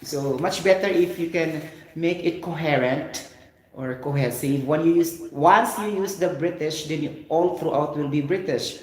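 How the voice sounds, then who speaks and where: A man's voice: on the high side, measured pace. Chatty man teaching English in echoey room. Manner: talky, repeats "you get the point", spells words out. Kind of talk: casual spoken lesson.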